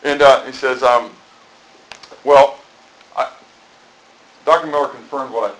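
A man's voice: medium pitch, fast, fairly bright tone, low-quality recording. A middle-aged man preaching a sermon in a conversational, rambling way, full of asides. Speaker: pastor. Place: church.

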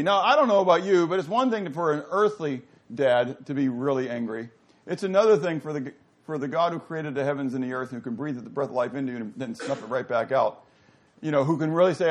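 A man teaching a Bible class, animated and questioning his listeners, rising to loud emphasis. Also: a little high, fast.

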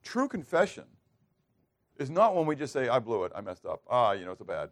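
A man's voice: medium pitch, big pitch swings, brisk. A male pastor preaching a sermon, asking his listeners questions and acting out the prayers he quotes. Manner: asks the congregation questions and acts out quoted prayers.

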